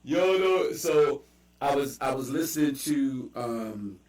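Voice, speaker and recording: A man's voice: mid-range voice, far from the mic. A man with a Baltimore accent talks loosely and animatedly, jumping between stories and asides. He sits a little off the mic, and the room gives his voice a roomy echo. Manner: animated storytelling with quick asides and laughs. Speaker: podcast host. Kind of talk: casual chat.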